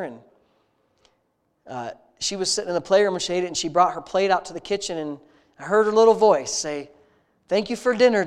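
Heartfelt and spontaneous, a man's prayer for the congregation sounds intimate and conversational, with praise phrases repeated. He has a high voice with a clear, resonant tone.

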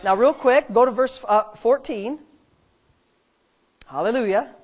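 A fervent woman minister preaches with a fairly high voice. She is emphatic, repeats her words, exclaims often, and breaks into rapid speaking in tongues as she leads prayer. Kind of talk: preaching and leading prayer in a church service.

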